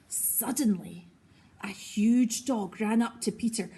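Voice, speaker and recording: A woman teacher reading a children's story aloud, pausing gently to ask the listening kids questions. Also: medium pitch, a little hiss or hum.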